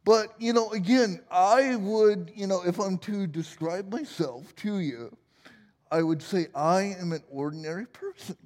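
High-voiced pastor in a reverberant hall. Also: male voice, measured pace, a little mellow. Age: 40s. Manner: humorous, self-deprecating storytelling. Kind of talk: sermon. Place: church sanctuary.

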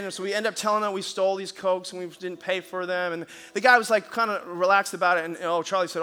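A man preaching as a pastor, telling a lively story and then leading a hushed, earnest prayer in a church. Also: high-pitched, brisk. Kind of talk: sermon with storytelling and altar call. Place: church auditorium.

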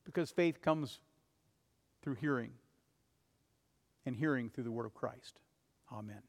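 A man preaching a sermon in an earnest way, rising to urgent appeals and falling to soft, low passages. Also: a little slow, gravelly, big-room sound. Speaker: pastor.

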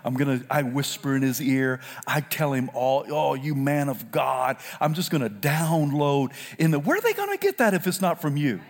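An older male pastor from South Carolina preaching with a lively, swooping delivery that leaps between loud shouts and hushed asides. His voice sits a bit high for a man. It rings with a long echo as if in a large hall. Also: a little fast, hardly any pauses. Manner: animated preaching, swinging from shouts to low asides. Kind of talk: sermon.

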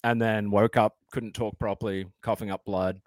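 A man's voice: fairly low pitch, little pitch movement, moderate pace, dry recording, studio quality. A man with an Australian accent, a podcast guest rambling through casual explanations with plenty of fillers. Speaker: podcast guest, former band vocalist.

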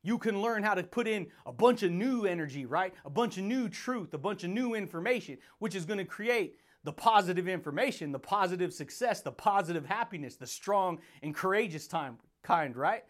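Hyped, playful high-voiced man. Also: lively intonation, normal speed, fairly bright tone. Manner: hyped, playful, laughs often, calls listeners baby and buddy. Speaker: podcast host, self-help speaker. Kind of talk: motivational monologue.

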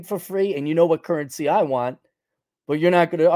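Blunt Midwestern man, higher-pitched voice. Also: a little fast, mellow, dry recording, clean studio sound. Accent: Milwaukee, Upper Midwest. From Milwaukee, Wisconsin. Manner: blunt, opinionated, drops into mock voices. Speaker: podcast host reading viewer donations. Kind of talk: casual livestream commentary.

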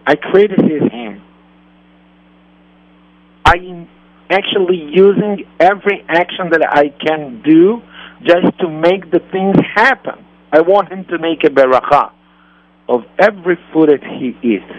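A native-speaking man, a rabbi who hosts a radio show, talks earnestly about parenting, repeating and rephrasing his points. His voice sits on the high side, a little slow, with long pauses and no room sound. It was captured on a radio studio mic in a dull lo-fi recording.

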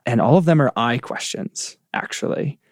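A man's voice: medium pitch, lively intonation, normal speed, dry recording, studio quality. A man co-hosting a podcast who talks in a thoughtful, searching way. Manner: thoughtful, searching, frequent "like" fillers. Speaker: podcast co-host. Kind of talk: reflective podcast conversation.

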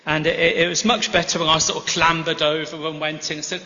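A guest preacher delivers a sermon in a large church, his bright, fairly high voice ringing into a long hall reverb. He tells stories gently and with self-deprecating humor, speaking briskly with little pitch movement and hardly any pauses. The recording sounds a little dull and muffled.

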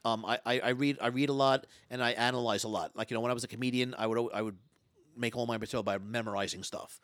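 A man, a stage hypnotist and former comedian, telling stories in an interview, talking fast and loud with lots of stammered restarts. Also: mid-range voice, fairly even intonation, no room sound. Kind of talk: storytelling interview talk.

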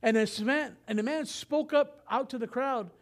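A man's voice: very high voice, normal speed. A man giving a sermon as pastor, reading scripture in a casual, conversational way with frequent asides and self-corrections.

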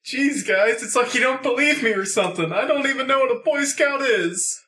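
A man's voice: very high-pitched, animated, a little fast, bright, forceful tone. A man co-hosting a comedy podcast, bantering in a mock-wounded, defensive way. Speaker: podcast co-host. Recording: echoey room.

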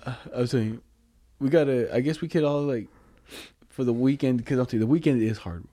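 A young man rattles off a story at a quick clip, laughing as he goes and leaning on slang and fillers. His voice is warm and mellow. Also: medium pitch. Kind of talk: casual chat.

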